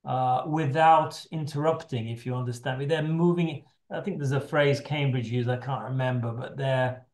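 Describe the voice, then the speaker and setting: A man's voice: medium pitch, steady tone, normal speed, a little mellow. A middle-aged man leading an online teacher training session, talking loosely with frequent restarts over a video call. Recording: echoey room on a video call.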